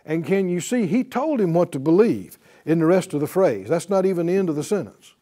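A man's voice: fairly high pitch, expressive, a little fast, warm tone. A man teaching a Bible class in a sermon style, emphatic and repetitive, often putting questions to the class.

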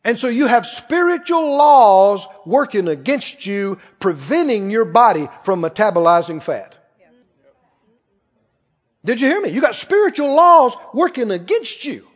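A man's voice: extremely high pitch, sing-song, measured pace. A male pastor preaching a sermon, emphatic, repeating phrases and quoting scripture. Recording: echoing hall, dull lo-fi sound.

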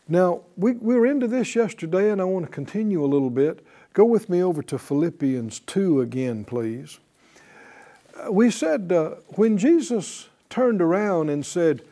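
A man's voice: sits high, big pitch swings, normal speed, warm tone. A middle-aged man teaching a sermon to a class, emphatic and full of rhetorical questions and repetition. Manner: emphatic, asks rhetorical questions and repeats phrases. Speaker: Bible teacher.

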